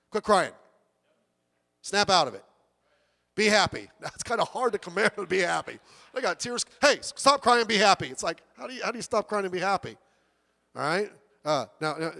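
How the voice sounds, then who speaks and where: Male pastor, high voice, preaching with emphasis, long church reverb. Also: a bit bright. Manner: emphatic preaching, voice rising and falling, repeats words. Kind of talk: sermon. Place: church hall.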